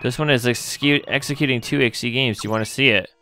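With soft music in the background, a man records let's play commentary in a medium-pitched, quick, pushed and bright voice. He reads every character's lines aloud in his own voice and exclaims whenever something startles him.

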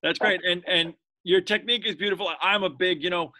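A man's voice: high-pitched, fairly even intonation, brisk, bright, forceful tone. A male interviewer who mostly gives short affirmations, then moves into a question. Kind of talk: interview conversation.

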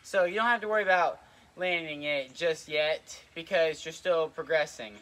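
A young man with a highish, bright, forceful voice shares trampoline tips outdoors at a moderate pace, a little winded. His casual instructional vlog rambles, repeats itself, and is packed with "like" and "kinda."

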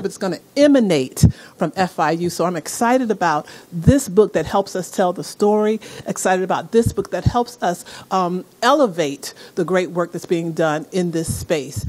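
Brief: woman university executive, lower voice, upbeat event emcee rallying the crowd. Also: darkish tone. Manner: enthusiastic, rallying the audience. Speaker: university senior vice president, event emcee. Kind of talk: event welcome speech. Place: event hall.

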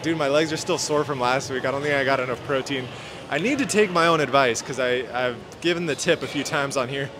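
A man's voice: medium pitch, noisy background. A young man chatting casually and upbeat to the camera in a gym, joking about himself and calling people dude. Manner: upbeat, chatty, self-deprecating, says dude. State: out of breath after sets. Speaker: fitness vlogger. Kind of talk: casual vlog chat.

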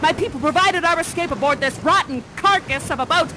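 A woman's voice: very high voice, fairly quick, noisy background. A woman playing an exiled mother sorceress in live interactive theater, coaxing and playfully dramatic, doting on her audience. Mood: dramatic storytelling. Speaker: immersive theater actor.

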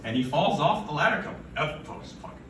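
A man's voice: a little high, lively intonation, fast talker, a bit bright. A young man performing a stand-up comedy set with rambling, absurd, stammering delivery at a live event. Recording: roomy, from far off, faint noise.

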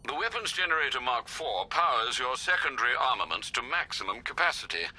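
A loyal older male butler, courteous and dryly witty. His voice is very bright and tense-edged. His pitch moves in lively, well-mannered turns. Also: brisk, exaggerated voice, poor audio. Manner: formal, polite, dry wit. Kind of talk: video game dialogue.

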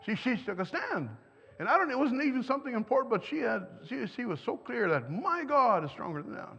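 A man's voice: sits high, sing-song, quick pace, vocal fry, sharp tone, husky. Older German-speaking man teaching in an echoey church. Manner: questions the audience, chuckles between points. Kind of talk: teaching sermon to parents. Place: church hall. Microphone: microphone. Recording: echoey hall, dull lo-fi sound.

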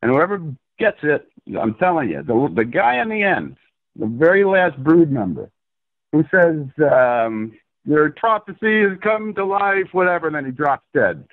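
This is a man with a high voice who tells stories in an excitable, swearing rush. His pitch leaps up and down constantly. The sound is tinny and dry, like a call taken over a phone line. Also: moderate pace, no room sound. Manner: animated, excitable, profane storyteller. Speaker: filmmaker guest. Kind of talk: phone interview.

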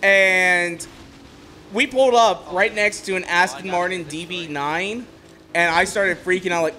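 Brief: young male streamer, high, bright voice, excitable and rambling, casual game chat. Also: moderate pace. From Ohio, USA. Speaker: gameplay streamer. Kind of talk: casual gameplay commentary.

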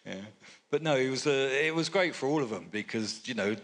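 An older record producer, interviewed on stage at a fan convention, telling rambling anecdotes with lots of fillers and asides. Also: male voice, mid-range voice, expressive, a little fast, a bit bright. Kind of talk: relaxed anecdotal storytelling.

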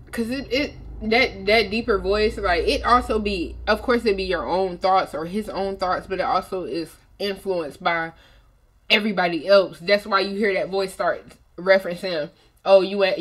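A young woman talks through a song she's reacting to, in casual, rambling commentary full of restarts and "like." Her voice sits at an ordinary middle pitch. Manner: animated, rambling, restarts and fillers like "like". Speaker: music reaction video host.

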